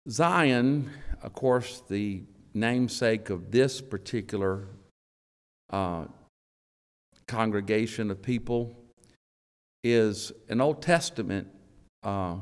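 A man preaching a sermon to his congregation as their elder, emphatic and deliberate, with long pauses between phrases. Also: fairly low pitch, darkish tone. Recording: long reverb of a large hall.

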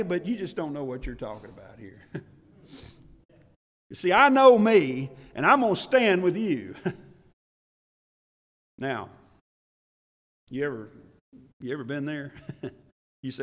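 A man pastor preaching a sermon in an animated way, with laughs and asides to the congregation. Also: a little high, slow pace, long pauses. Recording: long church reverb.

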